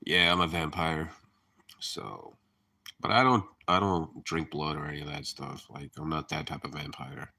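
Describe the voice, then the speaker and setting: Male streamer, low voice, laughs a lot and swears casually while chatting to viewers. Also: steady tone, moderate pace, vocal fry, bright, forceful tone, husky. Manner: rambling, laughing, cursing freely; hyper, chatty. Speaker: live streamer. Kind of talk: casual live-stream chat.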